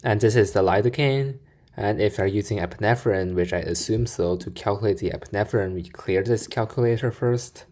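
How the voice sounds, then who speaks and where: A man hosting a reaction video, calmly explaining a calculation one step at a time. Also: fairly low pitch, fairly quick. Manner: calm, walks through steps. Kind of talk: explanatory commentary.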